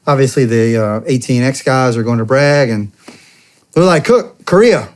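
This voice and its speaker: A man in his thirties tells a story as a podcast guest, at an average pitch for a man. He talks casually and puts on the voices of the people he quotes. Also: moderate pace. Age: 30s. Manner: animated, acts out quoted dialogue.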